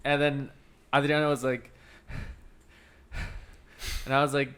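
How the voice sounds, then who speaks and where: A man's voice: quick pace, very noisy. A man co-hosting a casual podcast chat, rambling through stories and swearing freely. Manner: rambling storytelling, heavy swearing; lively, jumps into high voices when quoting. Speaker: podcast co-host.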